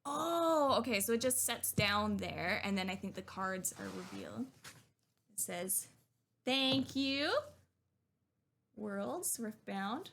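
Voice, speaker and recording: A young woman streamer chatting excitedly while unboxing, gushing and talkative. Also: medium pitch, a little slow, vocal fry, slight background noise.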